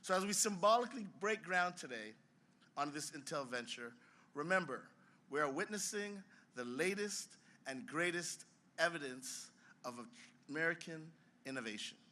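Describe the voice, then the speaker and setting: A man speaks at a ceremony with a bright, forceful tone and a slightly raised pitch. He tells his story dramatically, leaning hard on key words to rouse the crowd. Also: expressive, moderate pace. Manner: dramatic storytelling, emphatic and rousing. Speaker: science museum president giving a speech. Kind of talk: formal ceremonial speech.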